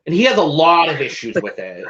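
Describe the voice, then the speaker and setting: A man co-hosting a casual recap show, chatty and animated, with playful asides. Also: fairly high pitch, a little fast, a crowd in the background. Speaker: podcast co-host. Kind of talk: casual chat. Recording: dull lo-fi audio.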